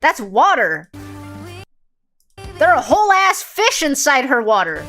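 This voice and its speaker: A woman's voice: sits high, wildly swooping pitch, takes it slowly, long pauses, a bit bright, soft background music. A young woman streamer reacting to a game video in casual, sarcastic chat, swearing freely.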